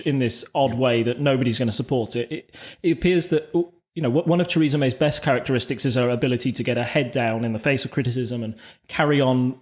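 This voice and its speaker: A man co-hosting a podcast, explaining political events in a measured, conversational way with frequent restarts. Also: mid-range voice. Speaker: podcast co-host. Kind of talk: casual political discussion.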